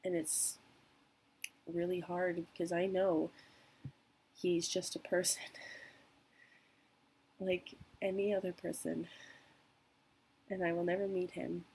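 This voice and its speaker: Young woman, personal vlog, slow and gravelly, mellow dark tone, candid and emotional. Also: lowish voice, flat delivery, low-quality recording. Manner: candid, emotional, trailing pauses. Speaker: vlogger.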